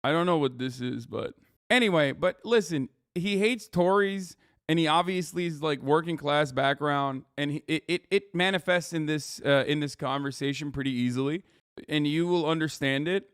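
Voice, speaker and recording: A male streamer talking casually and profanely, breaking into laughs and filler words as he reacts. His voice sits a bit above average pitch, and it is recorded close and dry with no room sound. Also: moderate pace, a bit bright, smooth, dry recording. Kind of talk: casual live-stream commentary.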